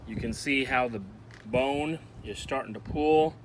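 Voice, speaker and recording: A man's voice: mid-range voice, unhurried, very noisy. A man hosting a casual cooking video, chatting through each step for the viewer. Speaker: cooking show host. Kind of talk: casual how-to cooking narration.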